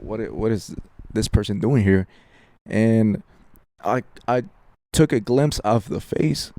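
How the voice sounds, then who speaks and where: A young man with a low, mellow voice tells a ghost story in loose, slangy podcast chat. He swears freely and drops "fool" into nearly every line. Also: no room sound. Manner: slangy, profane, says "fool" constantly. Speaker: podcast co-host.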